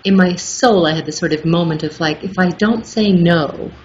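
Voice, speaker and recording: Middle-aged woman, clear articulate storyteller, interview guest on a slightly muffled line with faint hiss. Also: on the low side, moderate pace, darkish tone. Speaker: guest, audiobook narrator. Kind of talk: casual interview chat. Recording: muffled with faint background noise.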